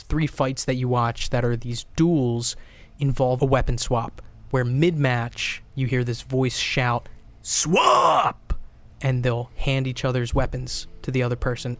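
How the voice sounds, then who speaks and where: A man running a tabletop game as game master, describing fights and calling for dice rolls in a relaxed way with fillers. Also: medium pitch, no room sound.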